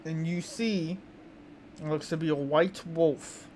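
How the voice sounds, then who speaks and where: Slow-talking male game master. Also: a little high, steady tone, a little mellow, slight background noise. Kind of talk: narrating a tabletop game.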